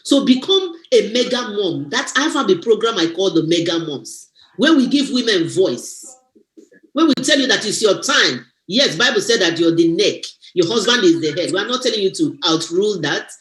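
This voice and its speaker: A woman giving an animated, preachy motivational testimony on a live stream, exclaiming and teasing as she talks. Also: mid-range voice, normal speed, roomy sound. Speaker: guest speaker.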